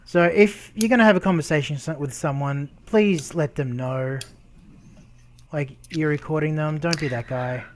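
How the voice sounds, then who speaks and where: Aussie guy, easygoing rambly chat, pokes fun at himself, voice a bit high for a man. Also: normal speed. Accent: Australian. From Australia. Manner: easygoing, rambling, self-deprecating. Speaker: host. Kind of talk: casual chat.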